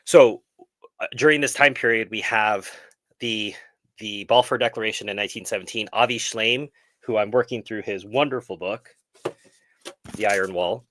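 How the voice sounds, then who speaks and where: A man's voice: fairly low pitch, normal speed, fairly bright tone, no echo. A man hosting a film club live stream, talking earnestly and reflectively and often correcting himself mid-sentence. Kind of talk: casual live stream discussion.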